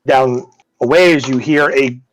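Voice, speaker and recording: A man's voice: medium pitch, slow pace. A man running a tabletop game as game master, narrating in a rambling way and often correcting himself.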